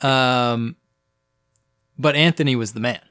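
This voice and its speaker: A man's voice: medium pitch, slow pace, fairly bright tone, smooth, dry recording. A young man co-hosting a podcast, telling a story in casual chat and often restarting his sentences. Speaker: podcast co-host. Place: Boston area.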